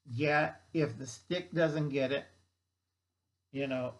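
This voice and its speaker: A man's voice: mid-range voice, steady tone, takes it slowly, pauses often, highs cut off. A man hosting his own channel, giving a blunt, folksy, rambling monologue. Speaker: channel host.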